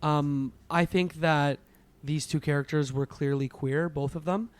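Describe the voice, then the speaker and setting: A man's voice: on the high side, fairly even intonation, measured pace, smooth, no room sound. A man, a podcast guest, talking through his thoughts with many filler words. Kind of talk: casual chat.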